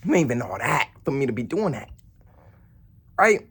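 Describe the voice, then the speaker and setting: A man's voice: medium pitch, very animated, normal speed, fairly bright tone, breathy edge. A man telling a story to camera in a blunt, profane, rambling way. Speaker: vlogger. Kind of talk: casual storytelling.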